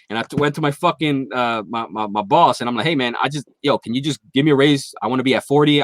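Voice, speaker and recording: Animated, profane man telling a story. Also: a little high, no echo. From Philadelphia area. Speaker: podcast guest. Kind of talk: casual chat.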